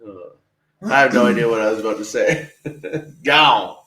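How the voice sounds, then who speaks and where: A man's voice: mid-range voice, a little slow, pushed and bright, roomy sound, low-quality recording. Laid-back blunt Canadian podcast man. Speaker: podcast co-host. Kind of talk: casual political chat.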